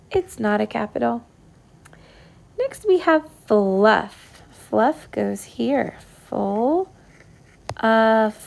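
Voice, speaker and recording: A woman's voice: medium pitch, gravelly, darkish tone. A woman teacher giving a recorded phonics lesson to young pupils, patient and sounding out each word. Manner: slow, patient, sounding out words. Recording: iPad whiteboard voice recording.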